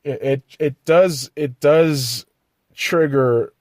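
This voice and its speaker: A man's voice: mid-range voice, slow pace, dry recording, clean studio sound. A man hosting a solo podcast, ranting profanely and criticizing himself between blunt pep-talk asides. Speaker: podcast host.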